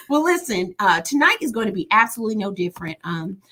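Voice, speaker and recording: Her voice is medium-pitched and husky, and she moves briskly as she reads out viewer comments on her casual stream, teasing animatedly and laughing a lot.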